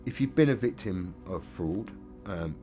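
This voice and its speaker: A man's voice: sits low, expressive, a little slow, over music. A middle-aged man with an English accent, frankly and casually telling his own life story. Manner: plain-spoken, casual, frank. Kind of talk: candid first-person storytelling.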